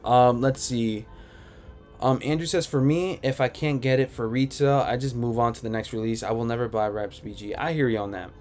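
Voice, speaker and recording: Soft music plays behind a man hosting a casual sneaker livestream in his home. His mid-range voice is a touch mellow and moves at a moderate pace as he reads viewer comments and rambles through replies.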